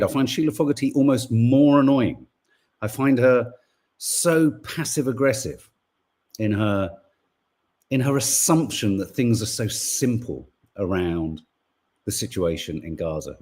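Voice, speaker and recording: Sarcastic man with a husky voice. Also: mid-range voice, darkish tone. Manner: sarcastic, exasperated, rambling with many fillers. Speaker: podcast co-host. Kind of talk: casual opinion podcast monologue.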